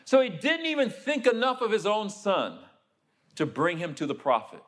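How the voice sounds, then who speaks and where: A man preaching a sermon, telling a story and acting out the people in it, then turning quiet and low for a personal confession. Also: very animated, moderate pace. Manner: storytelling, acts out the people he quotes.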